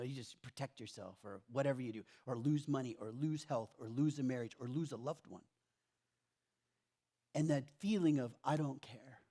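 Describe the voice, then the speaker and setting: A man's voice: mid-range voice, darkish tone. A middle-aged man preaching a sermon in a church, telling stories conversationally and acting out his own complaints. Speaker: pastor.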